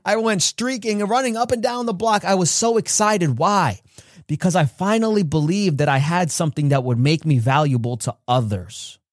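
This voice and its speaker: Guy on a podcast telling his own story, kinda high voice, very dry sound, gets emphatic. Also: moderate pace, no echo. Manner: emphatic, acts out childhood dialogue with rising pitch. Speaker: podcast host. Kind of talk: personal storytelling monologue.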